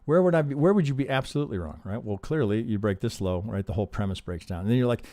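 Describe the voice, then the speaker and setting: A man's voice: medium pitch, big pitch swings, fairly quick, warm tone, no room sound. Profane, emphatic male trading teacher. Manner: profane, emphatic, acts out trader reactions, keeps asking "right?". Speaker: trading teacher reviewing charts on a live stream. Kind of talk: animated live-stream chart analysis.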